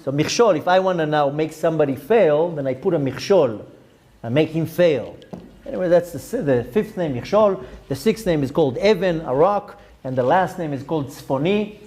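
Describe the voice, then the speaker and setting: A man's voice: a little high, lively intonation, normal speed, a little mellow, a little hiss or hum. A man, a rabbi giving a Torah lecture to a class, explaining step by step with terms and side notes. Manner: explanatory, with Hebrew terms and frequent asides.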